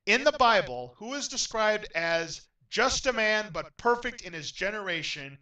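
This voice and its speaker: A man hosting a game show in an upbeat, announcer-like way, getting loudly excited when a contestant wins. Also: sits high, a little slow, hardly any pauses, far from the mic, poor audio.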